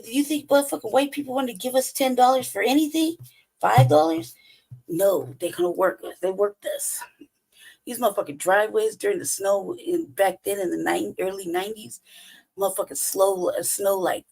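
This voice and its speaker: A woman in her forties with a gravelly, husky voice, talking in a loose, casual storytelling rant. She is blunt and profane and laughs often between lines. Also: medium pitch, a little mellow, low-quality recording. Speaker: podcast co-host.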